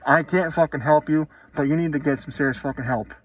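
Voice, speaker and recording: A man's voice: a little high, steady tone, fairly quick. A man vlogging an angry, profane rant, blunt and heated, talking straight to his viewers.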